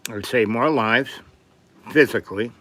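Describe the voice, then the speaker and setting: An older man from New York City hosting a live stream, telling rambling stories and often clearing his throat. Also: mid-range voice, pushed and bright, no echo. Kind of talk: rambling storytelling.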